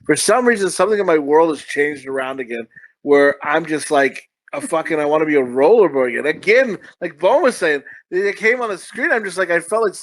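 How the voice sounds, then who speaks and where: A man co-hosting a podcast, whose high-pitched voice rambles through a casual movie review. His talk is full of swearing and quick bursts of laughter. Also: poor audio. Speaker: podcast co-host.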